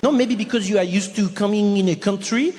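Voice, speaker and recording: A man's voice: sits high, a little fast, a little mellow, lightly acted. A man voicing a frank, matter-of-fact French woman with a French accent who explains patiently, in a stand-up character voice. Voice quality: explaining patiently, with tag questions.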